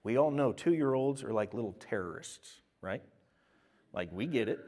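A male pastor preaching a sermon, swinging from loud, exclaimed lines to quiet, intimate speech. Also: medium pitch, expressive, moderate pace.

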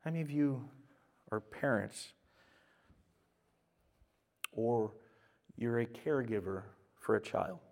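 A male pastor preaching a sermon, swinging from loud, exclaimed lines to quiet, intimate speech. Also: mid-range voice, slow pace, creaky, long pauses.

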